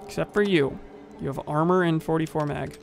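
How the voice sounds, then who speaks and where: A man's voice: fairly high pitch, fairly even intonation, fairly quick, creaky, a little hiss or hum. Wry young guy streaming a game. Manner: wry, rambling, self-corrects. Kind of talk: casual gameplay commentary.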